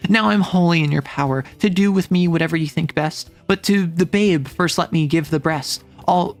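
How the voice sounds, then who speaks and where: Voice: medium pitch, normal speed, soft background music, lightly acted. A streamer voicing a doomed young woman who pleads anguished verse from a prison cell, in a dramatic reading of a classic play. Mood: pleading.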